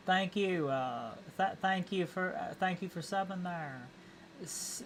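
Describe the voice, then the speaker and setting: A goofy male streamer talking over his game in a slightly high voice, rambling and tripping over words as he chuckles at his own play. A faint hiss runs underneath. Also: takes it slowly, a bit bright. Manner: goofy, rambling, laughs at himself. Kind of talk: casual let's-play commentary.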